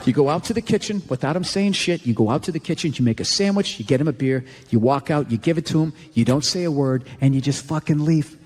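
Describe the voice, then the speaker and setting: Blunt American stand-up comedian. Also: male voice, fairly high pitch, fast talker, few pauses, a little mellow, a little hiss or hum. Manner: blunt, profane.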